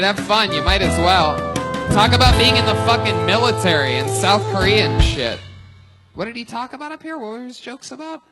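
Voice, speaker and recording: A man's voice: high-pitched, animated, fairly quick, over music, rough recording. A man hosting a live comedy podcast on a club stage, brash and profane, joking with comics. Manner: brash, profane, laughing banter.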